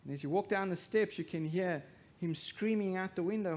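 A man preaching a sermon as pastor, swinging from hushed to loud emphasis and asking the congregation rhetorical questions. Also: high-pitched, moderate pace.

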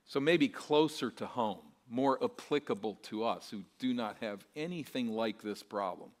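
A man delivering a sermon as pastor, his voice pitched in the middle range. He preaches earnestly, with rhetorical questions and repetition. His delivery moves between hushed, soft passages and fuller, emphatic ones. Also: moderate pace.

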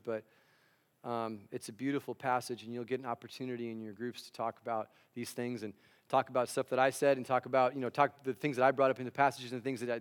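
A man's voice: medium pitch, fairly bright tone, clear, resonant tone. A man preaching a sermon in an earnest, conversational way, often restarting his sentences. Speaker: district superintendent and chaplain preaching.

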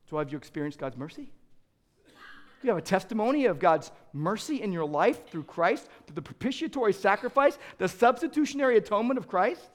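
A man pastor preaching a sermon, earnest and emphatic, building to loud peaks and repeating words as he restarts. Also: high voice, lively intonation, fast talker, hardly any pauses.

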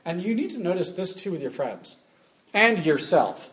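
A man speaking to a live audience, animated and emphatic, firing off rhetorical questions and repeating key points. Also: sits high, moderate pace. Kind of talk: live talk with call-and-response. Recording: echoey room.

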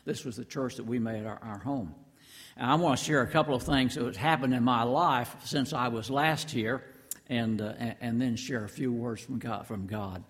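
Older pastor, mid-pitched, homespun and stumbling, with a long church-hall reverb. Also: male voice. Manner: folksy, halting, many restarts and asides to the congregation. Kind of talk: sermon. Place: church sanctuary.

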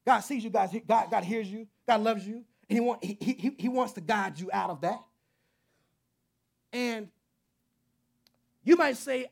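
A man's voice: sits high, unhurried, gravelly, long pauses, breathy edge. A man preaching a sermon, earnest and conversational, with repetitions that build to emphatic peaks. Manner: earnest, repeating himself, rising to emphatic peaks.

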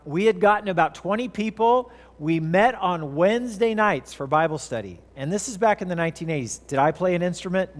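A pastor in his fifties, preaching and telling stories in a fairly high voice. His words ring out with long reverb through a church hall, and he breaks into playful asides as the story goes on. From California. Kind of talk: sermon. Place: church sanctuary.

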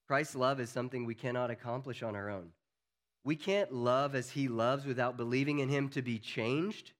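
A man preaching a sermon as pastor, earnest, building to emphatic peaks and then dropping low and quiet. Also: moderate pace.

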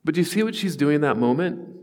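Middle-aged male pastor, fairly high voice, conversational and earnest sermon delivery, long church-hall reverb. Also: animated, quick pace, darkish tone. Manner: earnest, conversational storytelling with asides to the congregation. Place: church sanctuary.

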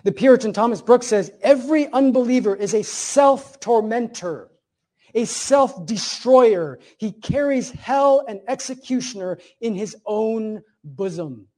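Emphatic high-voiced male preacher. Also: lively intonation, darkish tone. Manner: emphatic, repetitive cadences with slow, stressed phrases; teacherly explanations with examples. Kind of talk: sermon.

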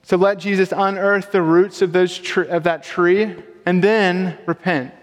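Young man, pastor, relaxed sermon, high voice, long hall reverb. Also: measured pace. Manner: casual, conversational, self-deprecating humor.

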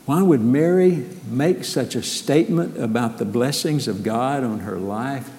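A man preaches in earnest, measured phrases, leaning on rhetorical questions. His voice is mellow and unhurried. Long reverb from a church sanctuary trails every line. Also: mid-range voice, slight background noise. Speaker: pastor. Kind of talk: sermon.

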